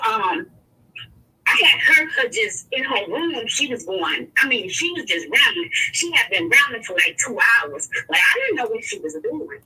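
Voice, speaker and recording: A woman caller telling a personal story in a rambling, animated way, full of restarts. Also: mid-range voice, breathy edge, poor audio. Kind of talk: casual phone-in storytelling.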